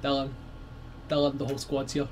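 A man with a Scottish accent giving excitable, sweary commentary while playing a video game with his brother. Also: mid-range voice, a little fast, slight background noise. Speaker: let's play co-host. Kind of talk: casual gaming commentary.

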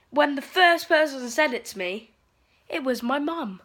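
A woman's voice: sits high, animated, a little slow, a bit bright. A teenage girl rambling through a sweary, exasperated vlog rant. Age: teens. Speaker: vlogger. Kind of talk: casual ranting vlog.

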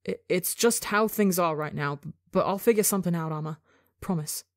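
A woman voicing a frightened young male alien with antennae, talking fast and shaky. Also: lowish voice, no room sound, studio quality, natural voice. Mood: hurried, anxious. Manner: hurried, shaky.

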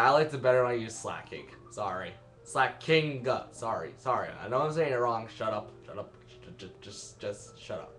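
Brief: young male let's-player, lowish voice, rambling and self-mocking, soft game music under him. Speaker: let's play commentator. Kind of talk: rambling gameplay commentary.

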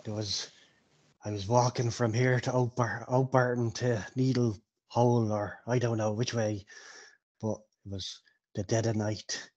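A man's voice: medium pitch, fairly even intonation, a little slow, a little mellow, muffled recording, natural voice. A man voicing a drunk, rambling male local watchman. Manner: rambling, unsure.

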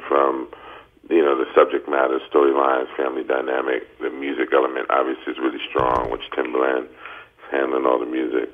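A man calling in as a radio guest, talking in a laid-back, measured way with many pauses and an early-morning voice. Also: very deep voice, completely flat delivery. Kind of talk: phone interview. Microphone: phone line. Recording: tinny phone line.

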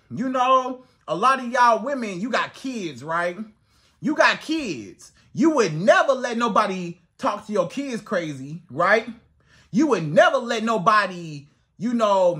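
A man's voice: high voice, takes it slowly. A man giving dating advice as a coach, talking emphatically and piling up rhetorical questions. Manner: animated, swings into acted outbursts. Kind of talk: advice monologue to camera.

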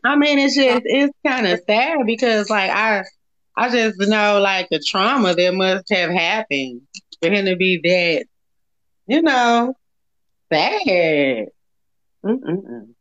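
A woman's voice: mid-range voice, animated, slow pace, a bit bright. A woman hosting a casual livestream, talking in a blunt, profane and taunting way. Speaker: livestream host. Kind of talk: heated casual livestream talk. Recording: lo-fi livestream audio.

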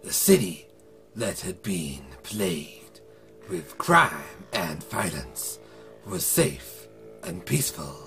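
A low, swooping voice of a solemn game-intro narrator, as a man puts him on. The delivery is slow and drawn out, with wide rises and falls in pitch. It is delivered as dramatic mock narration, with soft music underneath. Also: very animated, full character voice. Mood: ominous.

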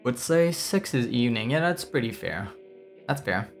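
Over soft background music, a young French-accented streamer gives loose gameplay commentary at a moderate pace. His mid-range voice is sing-song as he chats with viewers, rambles, and curses now and then.

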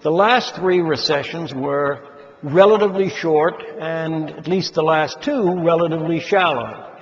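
A man giving a formal economics talk to investment advisors, measured and deliberate, stressing key words as he explains. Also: a little high. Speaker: keynote speaker addressing investment advisors. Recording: dull lo-fi sound with long hall reverb.

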